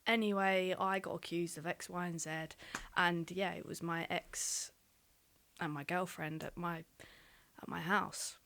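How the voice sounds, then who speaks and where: A woman's voice: lowish voice, fairly even intonation, a little slow, a bit bright. A young woman telling a candid, sweary story on a casual podcast chat. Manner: candid, swears freely, lots of "like". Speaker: podcast co-host.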